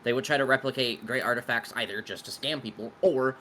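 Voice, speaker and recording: Bright-voiced rambling male game master. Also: medium pitch, fairly quick, slight background noise. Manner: rambling, lots of fillers and loose swearing. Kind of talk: answering player questions out of character.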